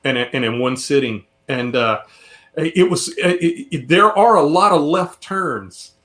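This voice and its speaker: A man hosting an interview, asking questions and reading viewer questions in a halting way with many ums. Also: a little high, expressive, a bit bright. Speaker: interview host.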